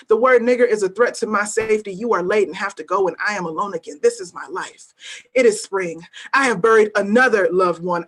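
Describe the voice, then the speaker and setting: A woman poet at an open mic, chatting briefly and then reading her spoken-word poems in a measured, weighty delivery with pointed repetition. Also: a little high, a bit bright. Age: adult working as a teacher.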